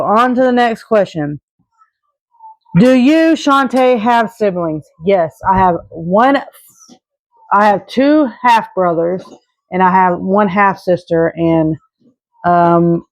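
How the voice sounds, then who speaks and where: A woman's voice: lowish voice, poor audio. A woman in her thirties from Arkansas, answering viewer questions in an earnest, rambling, casual way. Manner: earnest and rambling, with many restarts and fillers. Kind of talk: casual Q&A chat.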